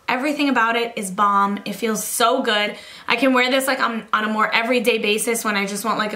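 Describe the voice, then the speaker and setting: A young woman talks fast and casually through her favorite products for a makeup vlog, her voice sitting a little high. The tone is bright and forward. She gushes, leans on "like" and "literally", and sounds a touch out of breath. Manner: chatty and gushing, heavy use of "like" and "literally". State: slightly out of breath. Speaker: beauty vlogger.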